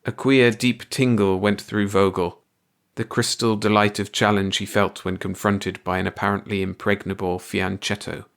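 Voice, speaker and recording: Low-voiced man reading a story. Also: flat delivery, normal speed, vocal fry. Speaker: audiobook narrator. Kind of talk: scripted story narration.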